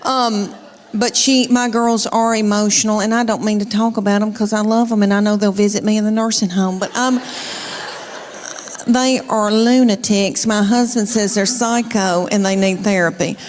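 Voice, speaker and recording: A woman's voice: mid-range voice, fairly even intonation, moderate pace, slight background noise. Woman rambling through stand-up anecdotes. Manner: rambling anecdotes with frequent ums. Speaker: stand-up comedian. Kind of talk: stand-up comedy.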